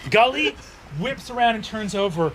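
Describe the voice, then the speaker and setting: A man narrating a tabletop game as game master in an animated, laughing way. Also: high voice, moderate pace, a little hiss or hum.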